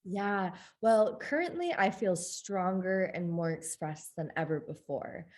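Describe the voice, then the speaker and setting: Expressive woman with a lowish voice. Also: unhurried. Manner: open, expressive, laughs often. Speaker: podcast guest, coach. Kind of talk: candid conversational interview.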